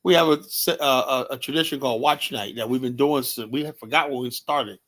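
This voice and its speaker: A man with a New York accent hosts a heated discussion, speaking emphatically, asking rhetorical questions, and saying "you know" often. His voice is medium-pitched and a bit bright, and he talks a little fast.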